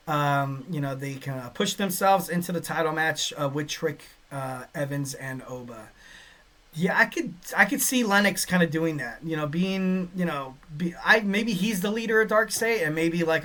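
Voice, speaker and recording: Male podcast host, fairly high voice, bright and forceful, casual, rambling, excitable. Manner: rambling, filler-heavy, excitable. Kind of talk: casual solo wrestling podcast.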